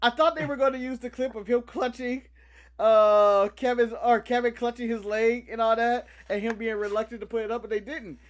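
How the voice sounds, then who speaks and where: An American man co-hosting a casual podcast, retelling events excitedly, laughing and shouting out quotes. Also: very high voice, a little fast. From United States. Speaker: co-host.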